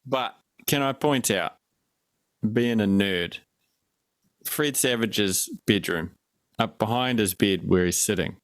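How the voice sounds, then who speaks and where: A man's voice: on the low side, slow, pauses often, no room sound, studio quality. A man co-hosting a casual film review chat, rambling and jokey, often breaking off mid-sentence. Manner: rambling, jokey, self-interrupting. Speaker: podcast co-host.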